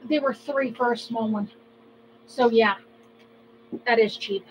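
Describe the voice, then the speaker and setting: A woman with a notably high voice, chatting casually as a co-host. She trades dry, teasing one-liners in a relaxed way, with a faint hiss of noise behind her. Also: unhurried, low-quality recording. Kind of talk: casual chat.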